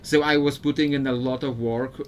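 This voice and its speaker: A man's voice: mid-range voice, fairly even intonation, brisk, a little hiss or hum. A man giving casual, rambling commentary while playing a video game, often restarting sentences and chuckling. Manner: rambling, self-interrupting, chuckling. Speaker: gameplay streamer.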